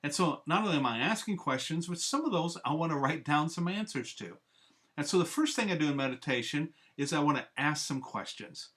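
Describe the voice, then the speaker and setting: A man's voice: fairly high pitch, lively intonation, brisk, a bit bright. A man giving an earnest, methodical instructional training talk as a discipleship trainer, laying out simple steps one by one.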